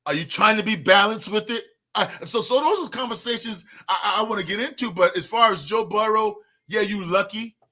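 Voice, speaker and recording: A man's voice: high voice, fairly quick, few pauses, sharp tone. A man co-hosting a sports talk show, arguing emphatically and repeating words as he gets going. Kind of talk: casual sports debate.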